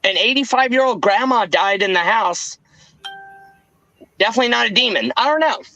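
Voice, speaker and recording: Profane, ranting man with lively pitch. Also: normal speed, highs cut off. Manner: profane ranting, mocking impressions. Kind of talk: casual chat.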